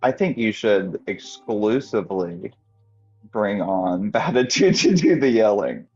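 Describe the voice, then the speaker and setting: Lowish-voiced playful man, dull lo-fi mic sound, live stream chat. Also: expressive, a little slow, a little mellow, breathy edge, soft background music.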